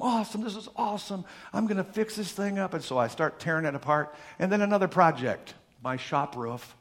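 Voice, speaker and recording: A middle-aged man pastoring a church, telling folksy stories in a sermon that build to loud, emphatic preaching. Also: medium pitch.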